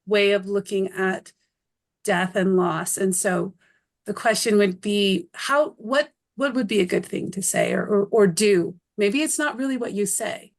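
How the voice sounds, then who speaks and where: North american woman host, mid pitch, thinking out loud, lots of restarts. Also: a little slow. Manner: reflective, searching for words, many restarts. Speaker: interviewer, co-host. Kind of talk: thoughtful interview question.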